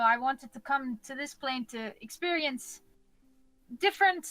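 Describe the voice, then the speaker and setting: High-voiced woman playing in character. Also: sharp tone, no echo, poor audio. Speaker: player. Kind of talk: in-character tabletop role-play.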